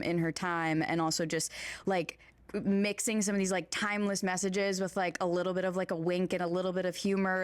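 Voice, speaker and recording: A woman's voice: on the low side, no room sound. A young woman from Pennsylvania chatting in an interview, laughing often and restarting her sentences. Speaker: interviewed musician. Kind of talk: casual interview chat.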